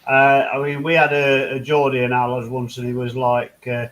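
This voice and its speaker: A man's voice: medium pitch, monotone, normal speed, a bit bright, rough recording. A man from the UK chatting casually with friends, rambling through stories, swearing freely and laughing at himself. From United Kingdom. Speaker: hangout host. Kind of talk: casual chat among friends.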